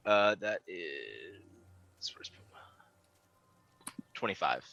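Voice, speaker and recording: A man playing a tabletop game, talking in a slow, hesitant way. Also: deep voice, big pitch swings, vocal fry, pushed and bright, no room sound, highs cut off. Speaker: player. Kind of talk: casual tabletop game chat.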